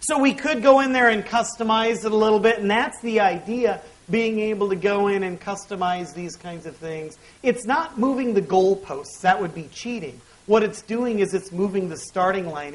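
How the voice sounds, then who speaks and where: A man's voice: sits high, low-quality recording. A man giving a technical conference talk from the stage, explaining tools step by step with wry asides. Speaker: conference speaker.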